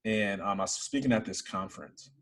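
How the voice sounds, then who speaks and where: A young man from Michigan, an interview guest, telling a personal faith story in earnest, building to excited emphasis. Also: on the low side, a little fast.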